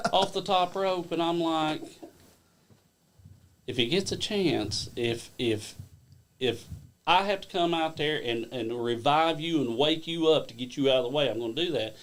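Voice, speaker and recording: A man, a wrestling promotion owner and guest, telling stories in a casual, animated way and laughing along. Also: on the high side, unhurried, long pauses. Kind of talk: casual storytelling on a live stream.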